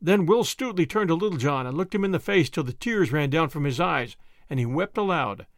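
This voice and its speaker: A man reading a classic adventure story aloud in an expressive storytelling manner. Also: on the high side, fairly quick, no room sound, studio quality. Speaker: narrator. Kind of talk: audiobook narration.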